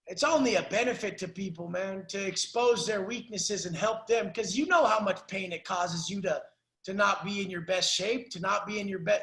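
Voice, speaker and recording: A man's voice: high-pitched, pushed and bright, reverberant. A man coaching a caller in a blunt, profane, preachy way. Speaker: life coach. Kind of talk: coaching call.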